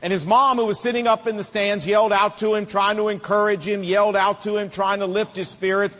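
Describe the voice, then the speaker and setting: A middle-aged man delivers a sermon in a notably high voice. He hammers home his points with repetition and homespun jokes. A long reverb trails his words, as in a large hall. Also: flat delivery, brisk, a bit bright. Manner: emphatic, repetitive rhetorical preaching with folksy humor. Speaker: pastor.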